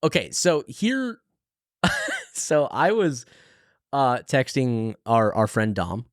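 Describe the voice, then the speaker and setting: A man co-hosting a podcast in a casual book discussion chat, laid-back and quick to laugh. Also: medium pitch, huge pitch swings, no echo, studio quality. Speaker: podcast co-host.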